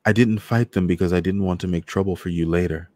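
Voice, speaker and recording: A man's voice: sits low, fairly even intonation, fast talker, a little mellow, lightly acted. A man voicing a fierce, defiant young woman in a story reading. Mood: earnest.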